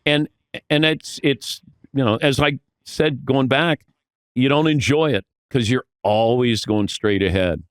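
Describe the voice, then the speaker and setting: A sports broadcaster in his sixties, guesting on a podcast, tells stories casually in a smooth, medium-pitched voice, a little slowly, with clean studio sound and no room noise. He's self-deprecating and acts out the voices of the people he quotes.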